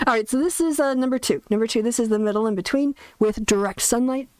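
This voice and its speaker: A woman's voice: a little high, fast talker, a little mellow, smooth, no room sound. A woman hosting a casual livestream from her bedroom, chatting in a rambling way and laughing often. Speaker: host. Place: bedroom, sitting on bed. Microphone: soundproofed desk mic.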